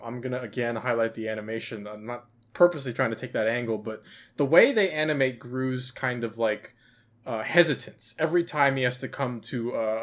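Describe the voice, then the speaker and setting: A man chatting casually about a film on a podcast, animated, stumbling over restarts. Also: medium pitch. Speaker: podcast co-host. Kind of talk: casual movie review chat.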